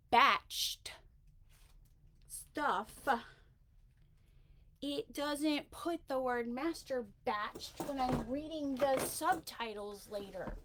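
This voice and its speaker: A woman's voice: on the high side, slight background noise, poor audio. A woman hosting a casual livestream craft demonstration, chatty and rambling, often breaking off with a laugh. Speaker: craft tutorial host.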